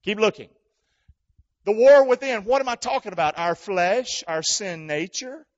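A high-voiced male pastor preaches to his congregation. He calls for answers, booms out lines and then drops to a near whisper. The church recording sounds dull and muffled. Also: animated, normal speed. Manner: call-and-response preaching, swings from shouting to hushed. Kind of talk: sermon.

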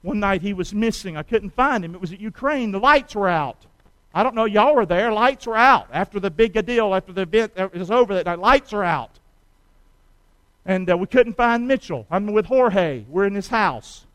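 Man, middle-aged, from the United States, high-pitched, dry close sound, sermon, folksy storyteller, call and response. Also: expressive, moderate pace, a bit bright, no room sound, poor audio. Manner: folksy, storytelling, calls on the congregation to repeat after him. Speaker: preacher.

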